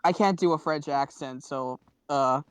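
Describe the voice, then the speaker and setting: Casual male co-player, smooth clear voice, dry close sound. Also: on the high side, dry recording. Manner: loose, swearing, halting. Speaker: co-player on stream. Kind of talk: casual game-stream chat.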